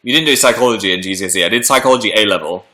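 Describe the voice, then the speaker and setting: A man's voice: lowish voice, rapid-fire, pushed and bright. A British man hosting a livestream in casual chat, playfully reading out viewer comments and answering them.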